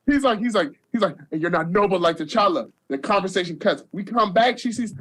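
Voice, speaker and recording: A young man excitedly retelling a movie on a podcast, acting out the characters' lines and laughing often. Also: high-pitched, fast, few pauses. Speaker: podcast guest. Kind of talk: excited movie recap chat.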